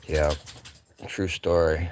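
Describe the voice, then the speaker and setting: A man's voice: sits low, little pitch movement, takes it slowly, darkish tone, a little hiss or hum. A man vlogging casually from his cabin with a rambling, wry manner and an Upper Midwest American accent. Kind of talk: casual chat. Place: remote cabin.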